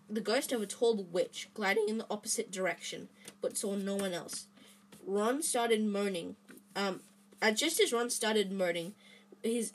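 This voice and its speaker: A woman's voice: medium pitch, a little hiss or hum. A woman reading a storybook aloud, with frequent restarts and fillers. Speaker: reader.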